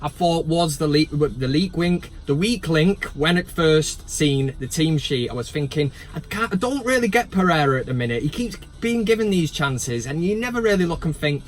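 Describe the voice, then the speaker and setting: A man's voice: fairly high pitch, animated, normal speed, hardly any pauses. A man hosting a football vlog, chatting casually in a rambling, jokey, self-mocking way, recorded on a camera without a separate microphone inside a van. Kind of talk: casual chat. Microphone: camera's built-in mic, no microphone.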